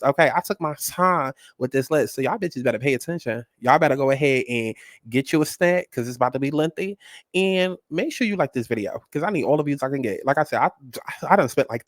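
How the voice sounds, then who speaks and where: A man hosting a casual commentary vlog, talking in a sassy, animated and blunt way and swearing freely. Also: a little high, dry recording, clean studio sound. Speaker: host.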